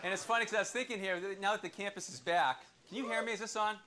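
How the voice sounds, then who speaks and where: A man filling in as preacher, giving a casual sermon and retelling a Bible story with voiced quotes, then reading Scripture slowly. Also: noisy background. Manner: slow, low Scripture reading. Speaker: substitute preacher. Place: church sanctuary.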